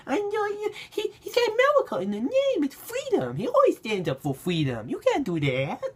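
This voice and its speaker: A man's voice: very high voice, wildly swooping pitch, normal speed, pitched above the performer's own voice, heavily acted. A man putting on the voice of a whiny, outraged male fan, squealing and indignant.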